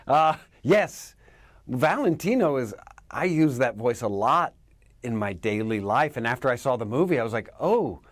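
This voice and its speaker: A man, an actor, answering interview questions in an animated way, laughing often and dropping into character voices. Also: mid-range voice, normal speed, no room sound.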